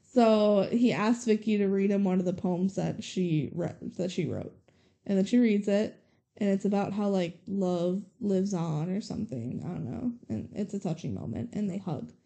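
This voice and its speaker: A woman with a warm, mid-range voice speaks at normal speed as she co-hosts a podcast. She chattily narrates a movie scene by scene, storytelling-style, with frequent use of "like".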